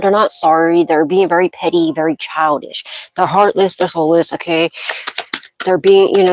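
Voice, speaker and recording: A woman's voice: fairly low pitch, darkish tone, a little hiss or hum, rough recording. A woman doing a tarot card reading, rambling from card to card and checking in with "okay?" as she makes dramatic intuitive pronouncements. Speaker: tarot reader.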